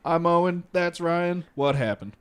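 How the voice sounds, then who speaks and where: A man's voice: fairly high pitch, lively intonation, unhurried, crowd noise. Laid-back young man telling history. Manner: laid-back, swears freely, laughs often. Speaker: podcast co-host. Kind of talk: casual comedic history storytelling.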